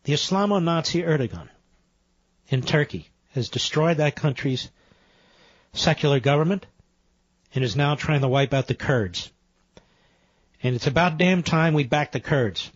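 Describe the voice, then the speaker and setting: A man's voice: a little high, unhurried, pauses often, breathy edge, no room sound. A man hosting a political talk radio show, speaking emphatically and combatively. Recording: dull, muffled broadcast sound.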